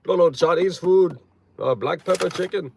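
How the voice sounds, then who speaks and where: A man's voice: high-pitched, normal speed, gravelly, noisy background, voice pushed up. A man voicing an exaggerated, cheery mock British bloke in a sing-song, overdone way. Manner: sing-song, greets everything with "hello, mate".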